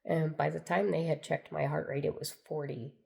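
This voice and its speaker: A woman's voice: sits low, steady tone, moderate pace, creaky, a little mellow. An older woman telling a personal story to camera in an earnest, meandering way that circles back and repeats itself. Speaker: spiritual storyteller.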